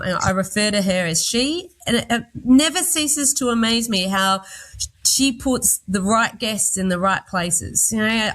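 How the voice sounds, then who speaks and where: A woman, a train hostess telling anecdotes about her guests in an interview, with many restarts. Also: a little high. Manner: warm anecdotal storytelling with frequent restarts. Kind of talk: storytelling in an interview.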